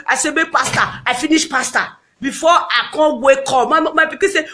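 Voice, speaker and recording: A middle-aged Nigerian woman with a Nigerian Pidgin English accent, ranting dramatically and mockingly, swinging between shouting and muttering. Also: high voice, lively intonation, normal speed, few pauses. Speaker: social media commentator. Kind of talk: dramatic gossip rant.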